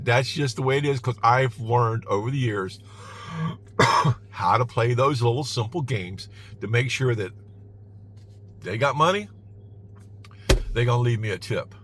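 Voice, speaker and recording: A man's voice: medium pitch, sharp tone. A man giving casual advice in his car, emphatic and chuckling, repeating "all right?" to drive his points home.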